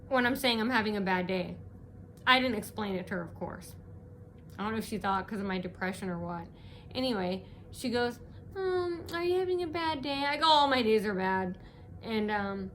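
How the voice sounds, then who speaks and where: A woman's voice: on the high side, fairly bright tone, a little hiss or hum. Rambling, indignant woman telling a story. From United States. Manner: rambling, indignant, repeats herself. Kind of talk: casual monologue to camera.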